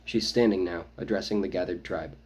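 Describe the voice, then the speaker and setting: A man reading his own novel aloud, first-person audiobook narration with a measured, brooding delivery. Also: sits low, fairly even intonation, darkish tone, slightly rough, rough recording.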